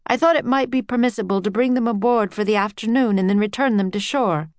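A woman's voice: on the high side, fast talker, darkish tone, dry recording, voice pushed up, close to an everyday voice. A woman voicing Henry, a polite, earnest young male sailor.

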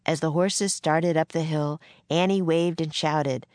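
A woman narrating a children's chapter book in a clear, steady storytelling voice. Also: low voice, slow pace, dry recording. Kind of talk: children's audiobook reading.

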